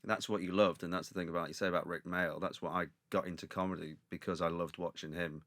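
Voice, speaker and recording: Deep-voiced man rambling through anecdotes. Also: quick pace, no room sound, studio quality. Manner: rambling anecdotes with lively acted-out quotes. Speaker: comedian guest. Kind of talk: casual chat.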